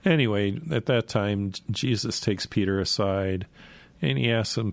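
A man with a low, gravelly voice retells Bible stories in a loose, rambling way. He leans on fillers and restarts, and the sound is close and dry. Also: unhurried, dry recording. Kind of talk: casual Bible storytelling.

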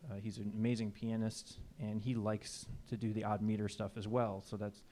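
Man, musician, casual on-stage chat, mellow tone, slightly breathless, relaxed. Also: fairly low pitch, normal speed, slight background noise. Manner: relaxed, rambling with fillers. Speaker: jazz musician.

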